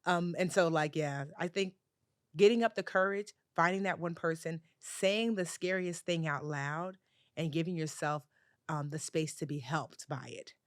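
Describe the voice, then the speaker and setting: Animated woman telling stories in a dry studio. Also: sits low, normal speed, dry recording. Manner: animated, lively storyteller with many "like"s. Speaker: guest, personal finance expert. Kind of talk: casual interview storytelling.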